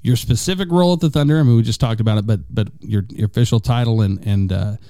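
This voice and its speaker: A man's voice: fairly low pitch, fast talker, dark tone, no room sound, studio quality. A man hosting a podcast in a casual interview, joking and laughing often. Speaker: podcast host.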